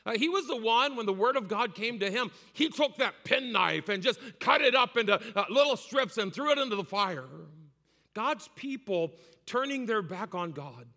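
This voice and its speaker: A pastor with an unusually high, bright, forceful voice preaches with passion, repeating phrases and filling pauses with "uh". His voice rings with long reverb from a church hall. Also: expressive. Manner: impassioned preaching, frequent "uh" fillers and repetitions. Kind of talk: sermon.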